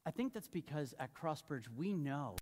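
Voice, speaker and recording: A male pastor delivers a sermon in a relaxed, conversational manner, joking and asking the congregation questions. His voice sits slightly higher than most men's. The sound carries the long reverb of a large church sanctuary. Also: normal speed, slight background noise.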